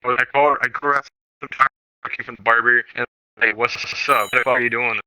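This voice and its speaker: Bright, crisp-voiced young man ranting. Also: medium pitch, fairly even intonation, fast, no room sound, low-quality recording. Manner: rambling, profane, self-interrupting. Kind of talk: casual storytelling. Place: virtual reality social game.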